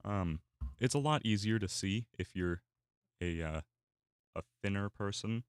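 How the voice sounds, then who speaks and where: A man's voice: fairly low pitch, a little slow, clear, resonant tone, no echo, clean studio sound. A young man chatting casually while he draws, rambling with many fillers and restarts. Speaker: artist and YouTuber. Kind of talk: casual chat while drawing.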